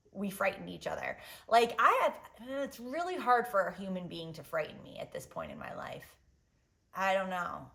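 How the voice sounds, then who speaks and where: A woman in her thirties hosting a solo podcast in casual chat, animated and blunt, swinging between loud outbursts and quiet asides, with lots of "like" and "um". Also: medium pitch, gravelly. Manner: swears freely, fillers like "like" and "um". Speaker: podcast host.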